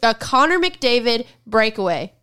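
A woman co-hosting a casual sports podcast, with a smooth, clear voice pitched a little high. She argues bluntly and firmly, pushing back hard on her co-host's picks. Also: very animated, unhurried, pushed and bright. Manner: assertive and blunt, pushes back with firm opinions. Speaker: podcast co-host. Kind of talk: casual sports debate chat.

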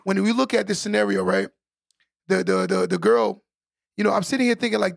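A man's voice: high-pitched, big pitch swings, normal speed, gravelly, dry recording, studio quality. A middle-aged man, a podcast guest and former athlete, making earnest points and often checking in with "right?". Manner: earnest, keeps asking "right?" as he makes a point. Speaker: guest, former pro basketball player. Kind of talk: casual podcast interview.

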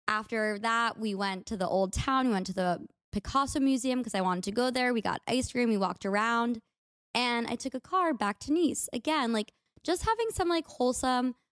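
A woman's voice: on the high side, no room sound. Chatty young American woman, dry close sound. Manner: chatty, peppered with "like", upbeat. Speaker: podcast host. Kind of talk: casual storytelling monologue.

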